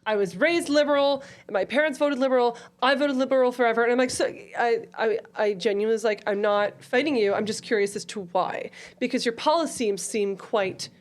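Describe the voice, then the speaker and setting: A woman's voice: fairly high pitch, fairly quick, hardly any pauses. A woman on a political podcast panel, chatting casually and backing firm opinions with personal anecdotes.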